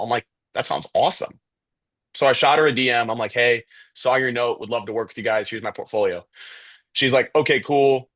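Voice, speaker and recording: On a dry recording, a young adult from Chicago with a fairly low voice speaks as a podcast guest. He's a student photographer recounting his story casually, full of fillers and false starts.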